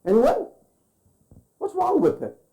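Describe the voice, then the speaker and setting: A man's voice: very high voice, wildly swooping pitch, slow pace, gravelly, mellow, poor audio. A man giving a conference keynote, firing rhetorical questions at the audience and acting out quoted voices. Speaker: keynote speaker.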